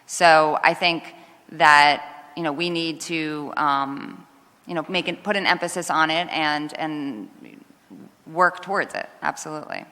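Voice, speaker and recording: Bright-voiced woman testifying, low-pitched. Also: steady tone. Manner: measured, hesitant, many ums. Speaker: city official testifying at a council hearing. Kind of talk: formal testimony answering questions. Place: city council hearing chamber. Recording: reverberant council chamber.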